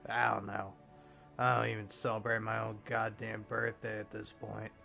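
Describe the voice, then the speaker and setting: A man in his forties with a gravelly smoker's voice, giving rambling, self-mocking, profane commentary while streaming a game. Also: lowish voice, monotone, normal speed, pushed and bright, soft background music. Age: 40s. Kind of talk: casual gameplay commentary.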